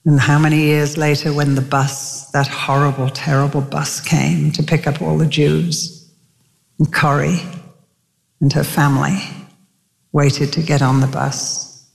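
A woman's voice: sits low, little pitch movement, measured pace, vocal fry. Older woman preaching in a reverberant hall. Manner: earnest, storytelling, emphatic. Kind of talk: sermon.

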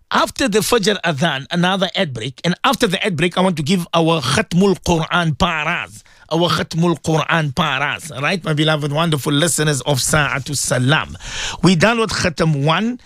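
A man who hosts a morning radio show as a Muslim cleric. He preaches emphatically to his listeners, repeating his points, and slows into drawn-out prayers. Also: high-pitched, fairly bright tone, no room sound, studio quality. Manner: emphatic and repetitive, exhorting listeners.

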